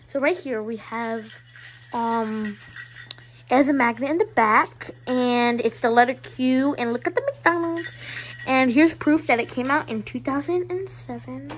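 A woman's voice: sits high, measured pace, a little hiss or hum, low-quality recording. A female vlogger showing her toy collection in a hyper, giggly, rambling way. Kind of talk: casual show-and-tell vlog.

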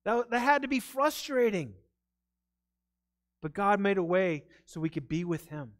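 A man's voice: high-pitched, very animated, measured pace. A man preaching a sermon in a church, earnest and conversational, stumbling over his words now and then. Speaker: pastor. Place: church sanctuary.

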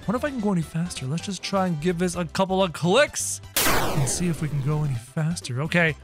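A man hosting a gaming channel, giving excitable commentary on play and yelping at what happens on screen. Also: high voice, fairly quick, loud music behind the voice. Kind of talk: game commentary.

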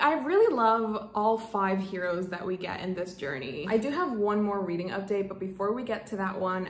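A woman in her twenties chatting casually in a book vlog, gushing and excitable, often stumbling over her words. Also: mid-range voice. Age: 20s. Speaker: book vlogger. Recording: echoey room, faint background hum.

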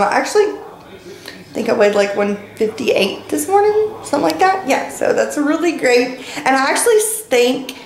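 A young woman rambling casually to the camera in a daily home vlog, with lots of ums and likes. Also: mid-range voice. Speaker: vlogger. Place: indoors at home, walking between rooms. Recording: echoey room, faint background noise.

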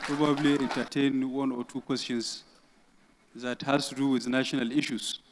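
A man's voice: medium pitch, little pitch movement, moderate pace, a crowd in the background, background noise. Formal Nigerian man fielding questions. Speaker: event speaker. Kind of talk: formal speech and Q&A.

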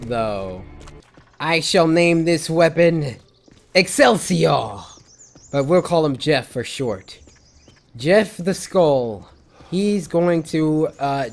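A young man giving loud, excitable commentary while playing a video game, trash-talking enemies with squeals and yells. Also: fairly high pitch, a little hiss or hum. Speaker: gaming video creator. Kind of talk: let's play commentary.

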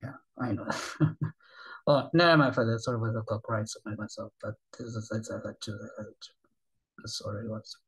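Halting man in his thirties. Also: lowish voice, husky, rough recording. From Japan. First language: Japanese. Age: 30s. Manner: halting broken English, often trailing off softly. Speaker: reaction video host. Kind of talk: rambling casual monologue.

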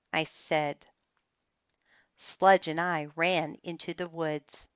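A woman reading a children's chapter book aloud in a slow, careful and expressive manner. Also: low-pitched, clear, resonant tone, no room sound. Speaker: storybook reader. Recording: slightly dull, muffled recording.

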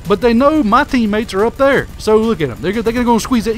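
Loud trash-talking southern drawl guy, high lively voice, rattling off gameplay, music under it. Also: a little fast, few pauses. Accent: Southern US hillbilly drawl. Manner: brash trash-talking hillbilly persona, crude insults at opponents. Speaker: gaming commentator. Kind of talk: gameplay commentary.

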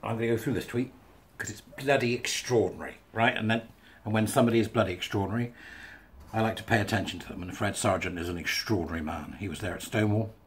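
Male commentator, husky, reads a text aloud and riffs on it casually. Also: lowish voice, fast. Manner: chatty, wry asides, breaks into laughs. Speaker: commentator reading a thread aloud. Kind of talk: casual monologue reading and commenting.

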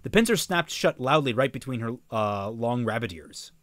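Young male streamer reading a book aloud, lively sing-song pitch, dry close sound, trips over lines and adds joking asides. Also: normal speed, no room sound. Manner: stumbles and rereads phrases, breaks off to comment.

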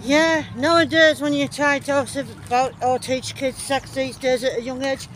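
A woman's voice: high voice, fairly even intonation, moderate pace, a bit bright, a little hiss or hum. An English woman filming a casual vlog on a walk in a park, chatting and teasing with her sister. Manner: chatty, teasing, laughs often. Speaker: vlogger filming. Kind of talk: casual chat. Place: park outdoors. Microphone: handheld phone camera.

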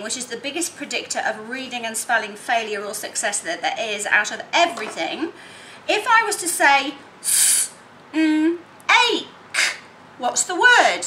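A woman teaching phonics, sounding out words slowly in separate sounds and playing with toys. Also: high-pitched. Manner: animated and playful with children's toys. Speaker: literacy teacher. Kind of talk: teaching demonstration. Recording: echoey room, faint noise.

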